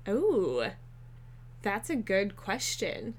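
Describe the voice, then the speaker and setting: Sweary, animated woman podcast co-host. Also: medium pitch, very slow, slight background noise. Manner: swears a lot, animated storytelling. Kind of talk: casual chat.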